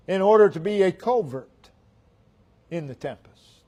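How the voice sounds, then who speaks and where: A man preaching a sermon, repeating phrases in a rhythmic cadence, his voice swelling for emphasis and then dropping almost to a hush. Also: on the high side, lively intonation, normal speed, husky. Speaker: pastor.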